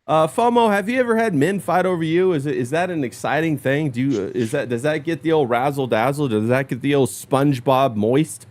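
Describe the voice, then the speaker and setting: A man hosting a casual livestream talk show, upbeat, giving shout-outs to chat. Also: fairly high pitch, brisk, hardly any pauses. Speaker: host.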